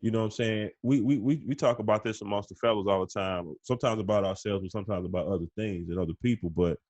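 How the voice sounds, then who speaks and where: A man's voice: fairly low pitch, fast talker, a little mellow, no echo. A man co-hosting a sports podcast in casual chat, stumbling and repeating words, often saying "you know what I'm saying". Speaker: podcast co-host.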